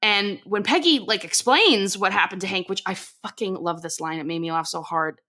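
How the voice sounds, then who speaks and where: A woman's voice: medium pitch, moderate pace. A woman podcast co-host casually recapping an episode, acting out the characters' lines and swearing freely. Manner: animated retelling, acts out quotes, swears.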